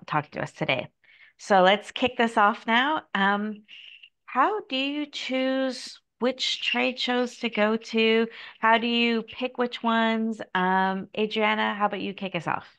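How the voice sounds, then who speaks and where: A woman's voice: mid-range voice, a little slow, fairly bright tone. A woman hosting a live webinar panel over a video call, upbeat and chatty with fillers. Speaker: webinar host.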